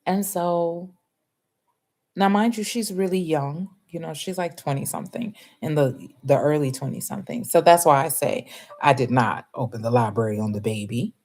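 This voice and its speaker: A middle-aged woman tells a story in casual chat. Her voice sits a little low, and she laughs often and acts out the voices of the people she quotes. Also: moderate pace, a little mellow. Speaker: vlogger telling a story to live chat.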